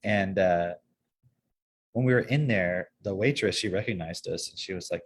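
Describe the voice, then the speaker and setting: A man's voice: on the low side, quick pace, husky. A young adult man hosting a podcast, talking casually and rambling with many fillers and restarts. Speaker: podcast host. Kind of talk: casual conversational chat.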